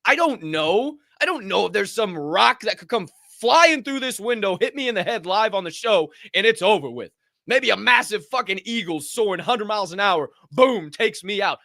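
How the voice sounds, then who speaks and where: A man's voice: high-pitched, animated, moderate pace, vocal fry, sharp tone, no echo, studio quality. A man co-hosting a podcast, giving a fired-up, profane motivational rant. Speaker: podcast co-host.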